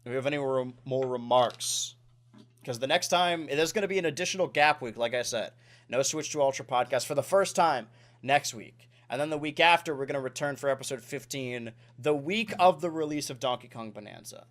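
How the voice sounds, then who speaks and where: A man's voice: medium pitch, fairly quick, fairly bright tone. Man, twenties, podcast host, rambling casual chat, lots of filler words. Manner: rambling, self-correcting, lots of "like".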